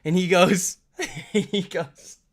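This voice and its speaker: A man's voice: sits high, very slow. A young man, casually telling a rambling story on a livestream, often breaking off and laughing. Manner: rambling, animated storytelling with laughs and self-interruptions. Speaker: livestream trading host.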